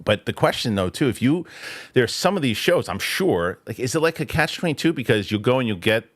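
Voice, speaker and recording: A man's voice: mid-range voice, animated, a little fast, no echo. A man hosting a podcast, asking rambling questions in a casual, chatty interview. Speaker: podcast host.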